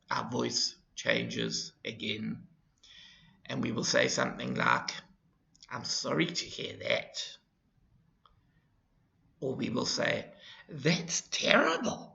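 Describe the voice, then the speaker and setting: A man teaching an English lesson, explaining slowly and deliberately to his class. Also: medium pitch, vocal fry, sharp tone. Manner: deliberate, with acted example phrases. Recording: roomy, dull lo-fi recording.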